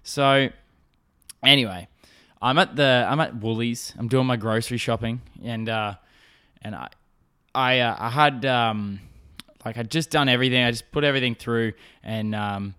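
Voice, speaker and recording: Brief: young Aussie podcast host, resonant mid-pitched voice, casual swearing storyteller who laughs at himself. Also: male voice, normal speed, pushed and bright, clear, resonant tone. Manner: rambling, profane, self-mocking.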